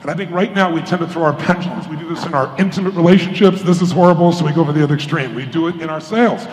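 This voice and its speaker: A man with a slightly high voice speaks rapid-fire during a motivational keynote for a live audience. His storytelling includes acted-out voices of the people involved, and the echoey conference hall carries a faint ambience.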